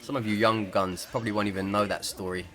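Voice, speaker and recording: A man's voice: fairly low pitch, little pitch movement, fast. Laughing, swearing male game streamer. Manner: joking, swearing, laughing, acts out players' lines. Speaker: gaming streamer. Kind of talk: casual gameplay commentary.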